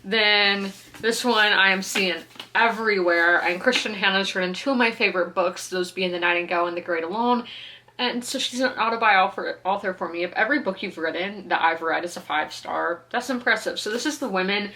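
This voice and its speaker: A chatty, giggly woman in her 20s from South Carolina talks to camera about her reading, laughing often and airing her opinions as a book vlogger. She speaks fairly quickly in a mid-range voice that's bright and forceful.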